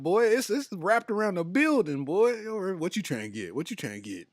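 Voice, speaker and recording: A man's voice: high voice, very animated, normal speed, dry recording, studio quality. A man hosting a comedy podcast, reading his live chat aloud in loose, slangy talk and breaking into laughter often.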